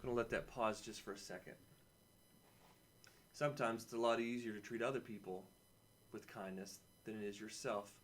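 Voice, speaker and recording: A man's voice: on the low side, fairly even intonation, moderate pace, long pauses, a little hiss or hum. A man teaching a weekly video lesson to children, chatting and encouraging, repeating key phrases and adding playful asides. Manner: playful asides and personal stories. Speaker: camp teacher.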